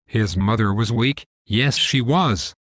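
A pastor voicing a patient pleading angel. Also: male voice, on the low side, no echo, clean studio sound. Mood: earnest. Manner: calm, earnest and measured. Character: patient, hopeful male angel pleading for more time. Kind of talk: one-man dramatized dialogue.

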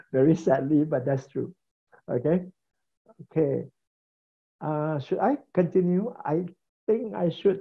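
Male pastor-teacher, animated lecturer with a fairly high voice, dull lo-fi recording. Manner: animated, mimics preaching styles, chuckles. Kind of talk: lively classroom lecture.

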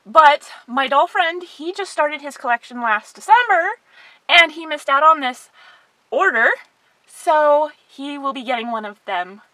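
High, gushing woman unboxing a doll. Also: a little slow, no room sound. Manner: gushing, squealing with excitement. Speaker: doll collector vlogger. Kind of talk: excited unboxing vlog.

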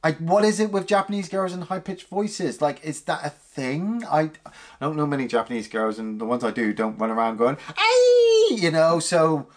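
A man co-hosting a casual film review podcast, animated and swearing freely. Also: moderate pace. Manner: animated, swears casually, mimics lines in a high voice. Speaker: podcast co-host reviewing films.

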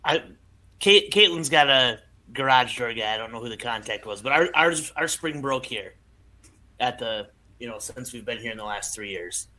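A man's voice: mid-range voice, animated, normal speed, sharp tone, low-quality recording. A man co-hosting a casual podcast chat, talking in a rambling, conversational way with many restarts. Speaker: podcast co-host.

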